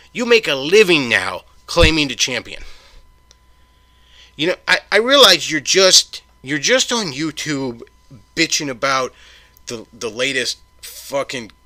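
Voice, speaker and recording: A man's voice: mid-range voice, bright, forceful tone, no room sound. A man hosting his own podcast, delivering a heated, profane solo rant full of stumbling restarts. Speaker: podcast host.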